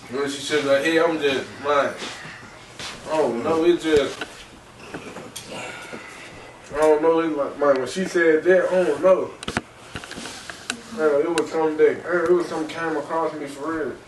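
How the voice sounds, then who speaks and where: A man hosting a podcast, recounting a personal story in a halting way, repeating phrases and filling gaps with "man" and "you know.". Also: fairly high pitch, steady tone, slight background noise. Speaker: podcast host. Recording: roomy distant mic with faint ambience.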